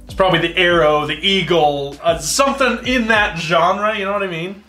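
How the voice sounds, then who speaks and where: A man's voice: high voice, moderate pace, bright, forceful tone. A man from the United States telling a long, rambling story with laughs as a guest on an interview show. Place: indoor set, eating spicy wings. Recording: roomy room with faint music.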